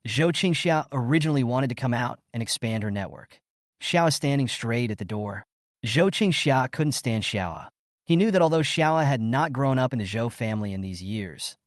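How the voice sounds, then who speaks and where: A man narrating a comic story recap with steady storytelling. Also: medium pitch, no echo, studio quality.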